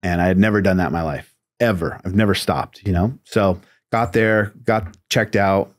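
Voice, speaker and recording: A man's voice: deep voice, moderate pace, no echo, clean studio sound. A man, a tattoo artist from the United States, telling a long story in a casual, rambling interview manner with many fillers. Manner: laid-back, rambling, lots of "like" and "you know".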